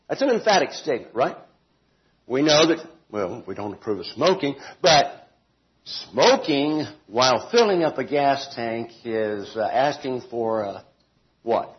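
A man teaching a Bible study group in an informal, deliberate way, stressing words and adding homely asides and self-corrections. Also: mid-range voice, big pitch swings, muffled recording, a little hiss or hum.

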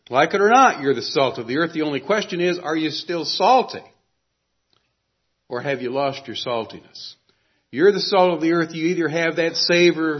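A man preaching a sermon in an earnest, emphatic way, pausing dramatically on key words. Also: on the high side, slightly rough. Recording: dull lo-fi recording.

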